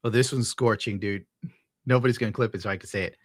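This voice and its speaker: A man's voice: lowish voice, fairly even intonation, fast talker, no room sound, studio quality. A man streaming and reacting to clips in a crude, sarcastic, profane rant, laughing at his own jokes.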